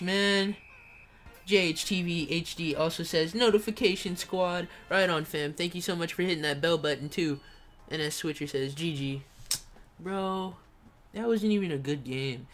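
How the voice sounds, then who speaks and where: A young man livestreaming a kart racing game, reading chat and shouting during play. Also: fairly high pitch, unhurried, faint music behind. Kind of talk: live gameplay streaming.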